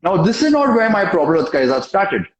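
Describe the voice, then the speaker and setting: A young man with a slightly higher voice recounts events in a casual interview, punching his lines with emphasis and voicing the people in his story. His voice carries a noticeable echo from the room around him. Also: brisk, highs cut off. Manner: animated, emphatic storyteller who acts out dialogue and tags lines with "okay?". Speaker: interview guest. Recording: echoey room.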